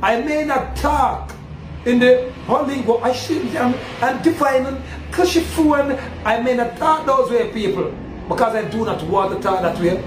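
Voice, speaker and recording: A man's voice: extremely high pitch, normal speed. A man with a Jamaican accent, preaching emphatically to his audience as a self-styled Maroon chief and asking again and again whether they understand. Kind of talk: preaching monologue. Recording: roomy echo with faint ambient noise.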